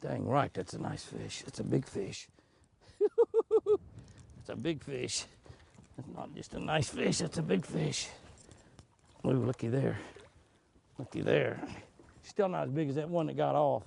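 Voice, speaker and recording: A man's voice: medium pitch, expressive, normal speed, gravelly, pauses often, a little mellow, slight background noise. A man hosting a fishing show from a boat on a lake, exclaiming over each catch, chuckling, and talking to himself. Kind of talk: excited fishing commentary.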